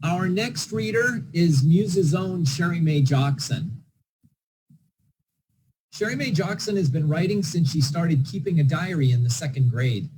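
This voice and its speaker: A man hosting a literary reading, introducing each reader in a measured, formal way. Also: fairly high pitch, background noise. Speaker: event host introducing readers. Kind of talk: scripted introductions.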